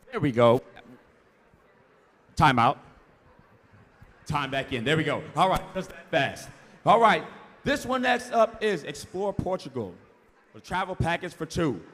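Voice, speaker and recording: A man emceeing a charity auction, rapidly repeating bids and hyping the crowd in a large event hall. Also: a little high, fairly bright tone. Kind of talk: live auction calling. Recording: reverberant hall from a PA.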